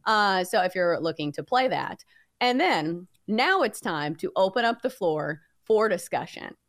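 A woman's voice: mid-range voice, unhurried, no echo, studio quality. A woman co-hosting a sports betting podcast, teasing the others and running through the picks. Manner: lively, teasing, runs the recap. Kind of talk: casual sports betting talk.

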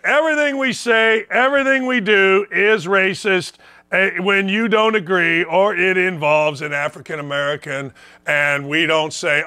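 A man's voice: high voice, measured pace, pushed and bright. A man from Indiana hosting a sports talk show, delivering a blunt, sarcastic, opinionated rant. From Gary, Indiana, US.

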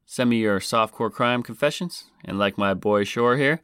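Brief: male podcast host, smooth and low, deadpan jokes, dry close mic. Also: moderate pace, no echo. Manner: joking, dry. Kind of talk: casual podcast talk.

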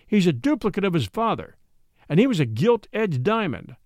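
A man's voice: sits high, very animated, normal speed, a little mellow, no echo, clean studio sound. A man voicing a fond, blustery old uncle in a read-aloud story.

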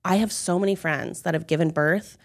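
A young adult woman in casual podcast chat, recounting events with lively acted-out quotes. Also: lowish voice, fairly quick, faint music behind. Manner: animated storyteller, acts out quotes loudly. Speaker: podcast co-host telling her birth story.

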